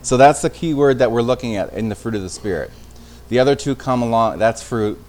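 A man's voice: mid-range voice, a little fast, darkish tone. A man teaching an informal Bible study in a conversational way, often restarting phrases and checking in with his listeners. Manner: conversational, with frequent restarts and tag questions.

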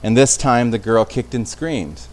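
In a mid-range voice, a man teaches an informal Bible study a little slowly, with slight background noise behind him. He keeps it conversational, restarting phrases often and asking tag questions to check on his listeners.

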